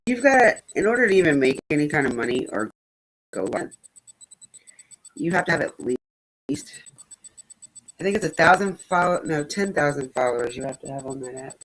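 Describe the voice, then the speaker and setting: Woman streamer, low voice, rambling casual chat with easy swearing. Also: lively intonation, moderate pace, long pauses, low-quality recording.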